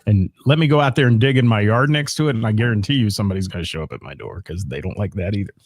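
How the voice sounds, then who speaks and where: Husky man, lively voice, dry sound, chatty co-host on a video call. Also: on the low side, very fast, dry recording. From Ohio. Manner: chatty storyteller greeting viewers by name. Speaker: co-host of a live-streamed talk show. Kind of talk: casual chat. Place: at home.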